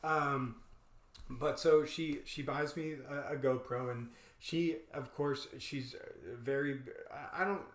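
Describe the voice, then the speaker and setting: A man's voice: fairly high pitch, slow. A man co-hosting a podcast, telling a story in casual chat, laughing often and acting out what people said. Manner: animated storyteller, laughs often, acts out quoted lines. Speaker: podcast co-host. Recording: echoey room.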